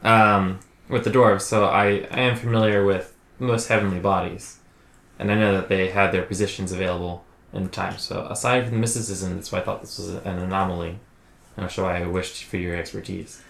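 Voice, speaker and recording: A man's voice: low voice, steady tone, brisk, gravelly, a bit bright. A man playing his character in a tabletop game, polite and hesitant. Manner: hesitant, polite, lots of fillers. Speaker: player. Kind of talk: in-character tabletop role-play. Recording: roomy echo.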